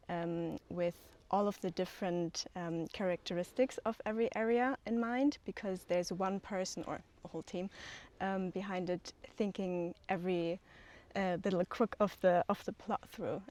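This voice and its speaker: A woman's voice: on the low side, a little mellow. A woman co-founder giving an outdoor walking tour, talking with enthusiasm and many fillers. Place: outdoors on hillside land.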